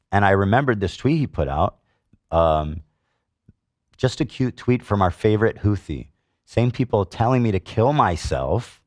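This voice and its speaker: A man's voice: lowish voice, dry recording, studio quality. A man hosting a podcast, reading out online comments and answering them with heated, profane indignation and frequent fillers. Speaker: podcast host.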